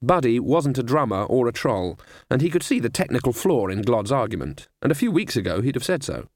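A man reading an audiobook as narrator in a wry, measured scripted narration. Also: medium pitch, very animated, a little mellow, dry recording.

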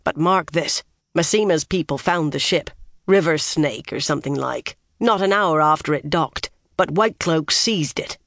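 A reader voicing a gruff, grim one-eyed male soldier who growls, talks bluntly and keeps biting back his curses. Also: medium pitch, a little slow, fairly bright tone, no room sound. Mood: grudging.

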